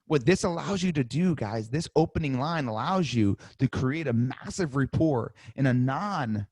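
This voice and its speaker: A man coaching real estate agents in a live webinar, energetic and demonstrative, often acting out sales calls. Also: mid-range voice, moderate pace, husky, no echo, studio quality.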